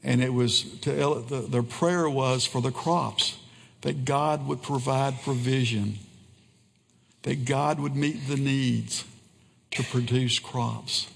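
A man preaching a sermon in a slow, earnest way, pausing often and repeating key phrases. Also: mid-range voice, gravelly, breathy edge, big-room sound.

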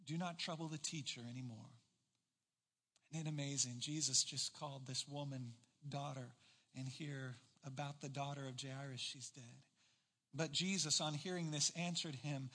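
A man preaching a sermon, telling the story with animated, acted-out quotes. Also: medium pitch, moderate pace, in a large hall. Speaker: pastor.

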